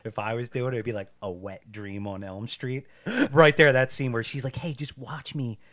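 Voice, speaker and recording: A man's voice: medium pitch, normal speed, fairly bright tone. A man co-hosting a casual podcast, telling a rambling story full of swearing and filler words. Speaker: podcast co-host. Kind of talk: casual chat.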